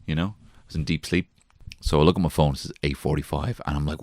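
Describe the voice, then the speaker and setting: A man's voice: very deep voice, fairly quick, a little mellow, no room sound, studio quality. A man in his thirties telling a rambling comic story as a podcast host, swearing and mocking himself as he jumps into put-on voices. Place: small garden shed.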